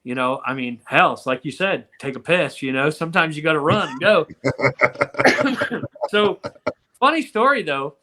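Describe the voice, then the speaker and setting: A man's voice: fairly high pitch, animated, unhurried, background noise. A man talking as a guest guitarist in a casual chat, easygoing and laid-back, often dropping "man".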